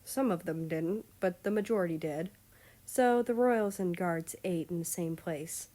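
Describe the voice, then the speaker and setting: A woman narrating a fan story in a calm, measured way. Her voice sits low and she reads slowly, letting each line settle. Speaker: story reader. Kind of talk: reading a fan story aloud.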